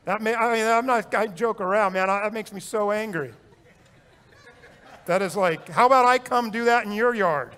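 High-voiced pastor preaching emphatically. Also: male voice, moderate pace. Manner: emphatic, swings between loud urging and quiet reflection; repeats phrases for effect, jokes and chuckles. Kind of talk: sermon.

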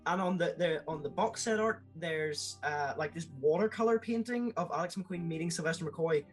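A man talking enthusiastically as a podcast guest, with quick asides and laughs. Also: a little high, faint music behind, rough recording. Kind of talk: casual podcast chat.

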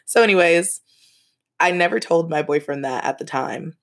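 A woman's voice: lowish voice, brisk, creaky. A young woman hosting a casual podcast, telling a story with frank, profane asides and laughs.

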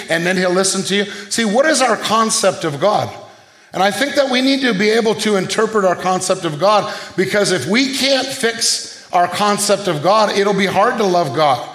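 A man with a high voice preaches a sermon, firing off questions and calling for responses. The sound rings out in an echoey room. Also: fairly bright tone. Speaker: pastor.

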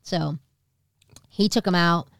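A woman's voice: on the low side, slow pace, vocal fry, fairly bright tone, dry recording, studio quality. A woman in her thirties casually telling a personal story on a podcast, candid and swearing, acting out the other people in it. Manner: candid, swearing, acts out quoted voices. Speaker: podcast co-host.

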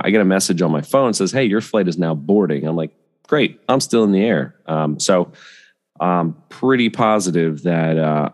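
A very deep-voiced man spinning a casual, rambling story, peppered with "you know" and "right?" asides. His voice carries a long reverb tail, as if recorded in a large, live room. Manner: chatty, rambling, many fillers and asides. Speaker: podcast host telling a travel story.

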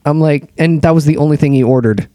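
A young man telling animated stories in casual chat, swearing often and acting out other people in quotes. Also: a little high, quick pace, no echo, studio quality.

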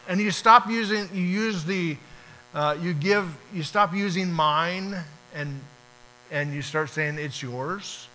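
This pastor preaches a sermon in a high, bright, forceful voice, taking it slowly. He talks casually and acts out short prayers and dialogues. The recording is rough, with slight background noise.

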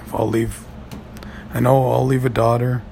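A man in a profane stand-up style rant, gravelly, animated, swinging from low mutters to high shouts. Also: normal speed, a little hiss or hum.

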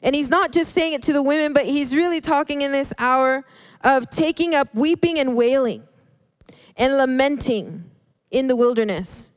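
A woman preaching a sermon in an earnest, halting way, often restarting her words. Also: sits high, no echo. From Hispanic background.

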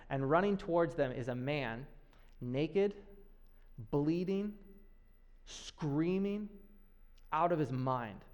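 A man preaching a sermon in a lively, conversational way, with playful asides to the listeners. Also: on the high side.

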